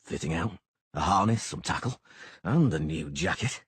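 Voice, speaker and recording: A man's voice: deep voice, expressive, normal speed, slightly rough, dry recording, pitched below the performer's own voice, exaggerated voice. A man voicing a terse, dry monster hunter in an audiobook. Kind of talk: audiobook character voice.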